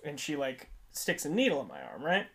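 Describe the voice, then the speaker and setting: A man co-hosting a podcast who tells a funny story in a casual, animated way, slipping into quick impressions. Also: fairly high pitch, vocal fry. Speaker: podcast co-host.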